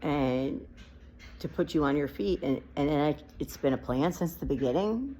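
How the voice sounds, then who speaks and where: A woman's voice: low voice, lively intonation, normal speed, warm tone, a little hiss or hum. A woman vlogging off the cuff, rambling and emotional, close to crying as she talks. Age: adult with a child. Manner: emotional, rambling, near tears. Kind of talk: unedited personal vlog monologue.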